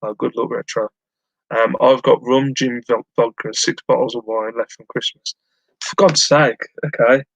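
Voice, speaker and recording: A man's voice: mid-range voice, fairly even intonation, normal speed, no room sound, highs cut off. A man hosting a live stream from home, chatting casually and rambling as he reads out his viewers' messages with self-mocking humour. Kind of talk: casual chat while reading live chat.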